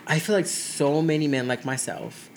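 A man co-hosting a casual podcast chat, excitable and rambling, with playful asides. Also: fairly high pitch, moderate pace, slight background noise. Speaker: podcast co-host.

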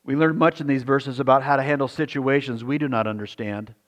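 A man preaches with a mid-range voice, earnest and steady, repeating his key points and asking his listeners questions. His words ring out with the long reverb of a church hall. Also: mid-range voice, a little fast. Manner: earnest, repetitive, asks the congregation questions. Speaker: pastor. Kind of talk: sermon.

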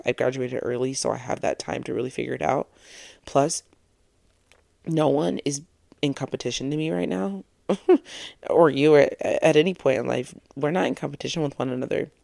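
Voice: mid-range voice, creaky, darkish tone, no echo. A speaker in their twenties giving a casual, encouraging monologue as a vlogger, earnest and reflective, often laughing at their own points. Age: 20s.

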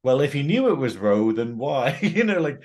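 A man from the north of England, co-hosting a podcast review in casual chat, chatty and quick to laugh. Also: medium pitch, big pitch swings, a little mellow. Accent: Northern English. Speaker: podcast co-host.

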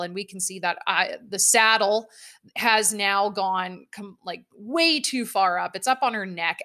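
A woman's voice: medium pitch, bright, forceful tone. A young woman telling a casual personal anecdote, candid and self-mocking, swearing freely as she goes. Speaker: storyteller.

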